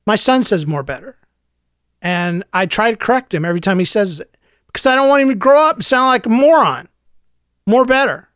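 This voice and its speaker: A man's voice: high voice, no echo, studio quality. A middle-aged American man giving an opinionated, exasperated podcast monologue, lecturing listeners as host.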